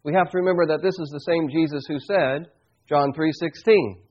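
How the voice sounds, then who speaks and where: A man preaching a sermon in an earnest, reflective way, his voice pitched a little high. He slows down to lean on key phrases. The recording sounds dull and lo-fi. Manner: earnest, reflective preaching with slow emphatic stresses. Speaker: pastor.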